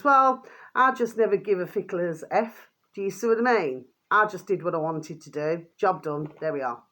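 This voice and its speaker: A woman's voice: medium pitch, expressive, normal speed, a bit bright. An older woman vlogging in a rambling casual monologue, full of fond pet names, fillers and trailing restarts.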